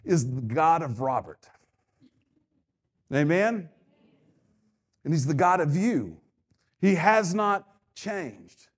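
A pastor preaching a sermon with emphatic, repetitive phrasing and call-and-response to the congregation. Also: male voice, fairly high pitch, darkish tone.

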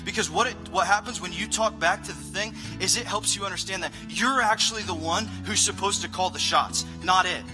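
A man's voice: sits high, fairly quick, few pauses, music in the background, low-quality recording. A man pastor preaching a conversational sermon in a church, rambling and self-deprecating with lots of filler words. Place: church stage. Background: live worship band playing softly.

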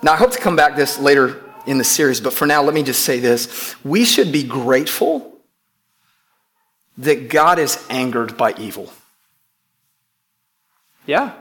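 A man's voice: mid-range voice, animated, unhurried, pauses often, fairly bright tone. A pastor preaching to his church in an emphatic way, repeating key phrases and putting questions to the congregation. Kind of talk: sermon.

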